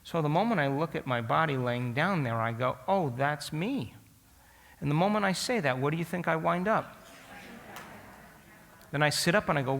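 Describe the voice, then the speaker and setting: A man's voice: fairly high pitch, creaky, a bit bright, big-room sound. A man telling a story to an audience as a lesson. He asks them direct questions and acts out his own past thoughts. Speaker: speaker teaching an audience. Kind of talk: storytelling lecture.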